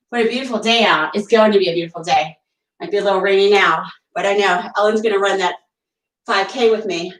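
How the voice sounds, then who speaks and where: A woman's voice: mid-range voice, fairly bright tone, echoey room, far from the mic, a little hiss or hum, low-quality recording. A woman teaching a barre workout at home, counting reps and cheering her class on, a little out of breath. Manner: encouraging, counting reps, chatty asides. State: slightly out of breath. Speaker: fitness instructor. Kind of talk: guided workout instruction. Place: room at home.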